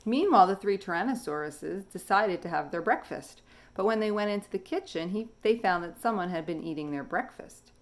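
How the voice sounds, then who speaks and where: A woman teacher reading a picture book aloud in a slow, expressive storybook manner. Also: mid-range voice.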